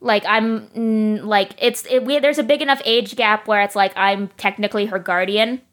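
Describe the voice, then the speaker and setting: A woman's voice: mid-range voice, fairly even intonation, normal speed, a bit bright. A woman chatting casually as a tabletop game player, enthusiastic and giggly, often stopping mid-sentence. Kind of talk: casual chat.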